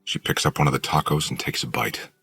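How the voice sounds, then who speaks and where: A man narrating a novel in the first person, in an even, measured storytelling voice. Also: rumbling low, slightly rough, no echo. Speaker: audiobook narrator.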